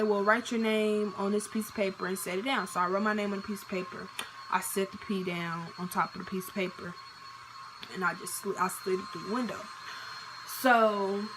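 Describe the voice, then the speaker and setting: A young woman casually telling a personal story to camera, full of fillers like "basically" and "like" and acted-out dialogue. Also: medium pitch. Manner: chatty, lots of fillers and quoted dialogue. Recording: faint background noise.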